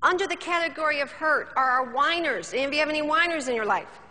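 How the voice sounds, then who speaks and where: A woman's voice: high-pitched, quick pace, big-room sound. A woman motivational speaker giving a theatrical keynote speech on stage to a live audience. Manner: animated, theatrical, addresses audience.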